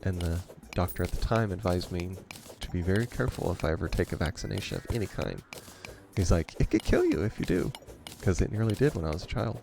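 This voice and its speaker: A man's voice: low-pitched, fast talker, gravelly, background noise. A man hosting a gaming channel, rambling through a story in a casual way and chuckling often between remarks. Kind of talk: casual storytelling over gameplay.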